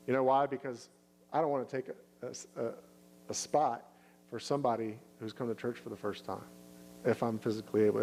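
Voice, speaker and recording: A male pastor answering questions in a casual Q&A, speaking in a halting way with many restarts and fillers, and lifting his voice when he acts out friendly invitations. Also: mid-range voice, a little mellow, low-quality recording. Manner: acts out inviting lines in a lifted, upbeat voice.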